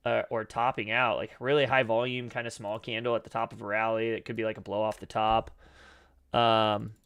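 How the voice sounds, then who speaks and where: Gravelly-voiced man rambling over charts. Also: fairly low pitch, flat delivery, fairly quick, fairly bright tone. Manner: rambling, loose and profane, many fillers. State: throat scratchy, clearing it often. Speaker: crypto trading streamer. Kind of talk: casual live-stream chart commentary.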